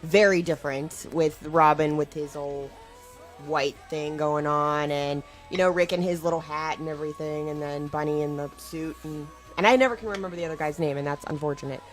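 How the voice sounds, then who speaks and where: Low-voiced, giggly woman co-host. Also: steady tone, a little fast, soft background music. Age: 30s. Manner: giggly and playful, reading notes aloud. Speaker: podcast co-host. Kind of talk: casual podcast chat.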